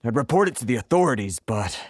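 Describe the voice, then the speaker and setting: Anxious, sighing game merchant, mid-pitched. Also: male voice, big pitch swings, fast talker, dry recording, clean studio sound. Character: worried foreign merchant, older man. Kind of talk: video game voice acting.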